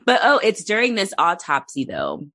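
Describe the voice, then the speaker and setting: A woman's voice: mid-range voice, huge pitch swings, moderate pace, pushed and bright, no room sound, clean studio sound. A woman co-hosting a podcast in casual chat, chatty and gossipy, often laughing.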